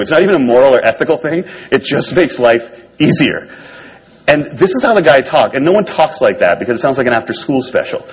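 A man's voice: mid-range voice, lively intonation, fast talker, rough recording. A man on stage telling a personal story to an audience in a wry, self-deprecating way. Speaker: speaker giving a talk.

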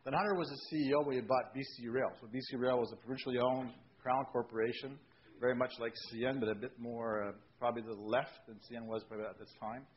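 A man's voice: mid-range voice, steady tone, quick pace, muffled recording, a little hiss or hum. A man, a railway executive, telling jokey anecdotes on a discussion panel.

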